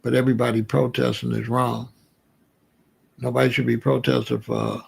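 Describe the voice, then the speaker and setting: Gravelly husky-voiced man telling a story. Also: mid-range voice, moderate pace. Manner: animated storyteller, breaks into quoted dialogue. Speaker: commentary show host. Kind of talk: casual storytelling commentary.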